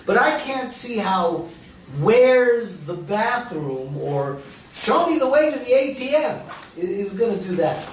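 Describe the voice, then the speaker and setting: An actor reading the part of a chatty, hesitant adult Hebrew student in a virtual play reading. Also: male voice, high voice, very animated, slow pace, a little hiss or hum, heavily acted. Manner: rambling, hesitant, joking. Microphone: remote video call mic. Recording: echoey room, distant mic, faint ambience.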